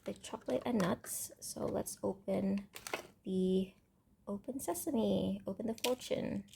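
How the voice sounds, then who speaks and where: A woman giving a casual, rambling tarot reading to camera, thinking aloud with many pauses and ums. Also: mid-range voice, gravelly, noisy background. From Indonesia. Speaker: tarot reader. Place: home room with construction noise next door.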